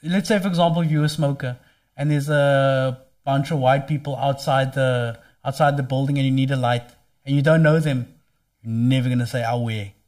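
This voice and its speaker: A man's voice: medium pitch, fairly even intonation, normal speed, a little mellow. A man from South Africa with a Cape Town accent, a podcast guest speaking thoughtfully with hesitant restarts. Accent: Cape Town South African English. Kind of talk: casual conversation.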